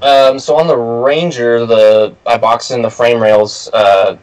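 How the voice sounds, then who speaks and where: A man in casual chat, explaining his build hesitantly with many pauses and uhs. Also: medium pitch, steady tone, darkish tone, poor audio. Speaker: guest truck builder.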